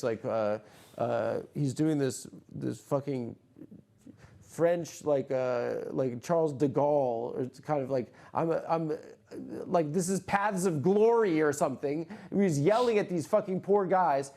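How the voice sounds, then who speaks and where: A man hosts a casual comedy podcast, his voice sitting a little high but soft and mellow in tone. He riffs in excitable, rambling bursts, cursing freely as he goes. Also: measured pace. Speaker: host.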